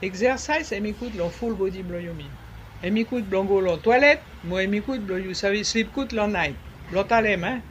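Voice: mid-range voice, a little fast, slight background noise. A nurse with a Ni-Vanuatu accent giving casual health advice and slipping French words into the talk.

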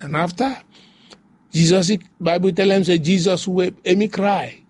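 A man's voice: high voice, fairly even intonation, moderate pace, a little mellow. A man preaching a devotional sermon, repeating phrases in a rhythmic, rising way. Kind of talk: devotional sermon in pidgin English.

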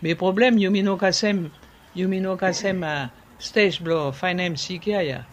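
A man talks in a casual interview, slipping in French words and pausing to find the right ones. His voice sits high, and a faint noise hums behind him. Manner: searching for words, many fillers. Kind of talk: casual conversation.

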